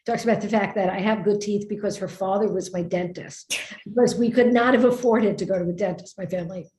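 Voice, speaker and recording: A woman from Brooklyn with a New York accent, an author and writing teacher telling stories in an emphatic, animated way at a book event. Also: medium pitch, a little fast. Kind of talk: lively conversation at a book event. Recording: roomy echo.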